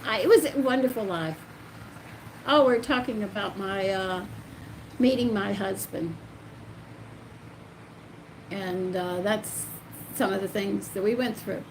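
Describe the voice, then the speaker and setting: An older grandmother telling the story of her own life, animated and emotional. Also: mid-range voice, takes it slowly, long pauses, a little hiss or hum, poor audio. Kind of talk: personal storytelling.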